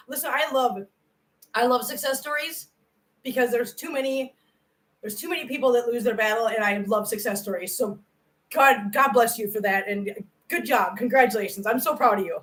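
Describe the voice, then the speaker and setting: Her voice sits on the high side, a bit bright, at a normal speed, though the recording quality is low. She's a middle-aged woman hosting a cat channel livestream, earnestly and effusively reading viewer comments and growing emotional when she praises viewers.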